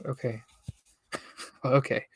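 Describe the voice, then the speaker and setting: A man's voice: slow pace, a little hiss or hum. Young man reading aloud with joking asides. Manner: reads with joking, bemused asides. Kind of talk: casual read-aloud of a children's book. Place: home streaming setup.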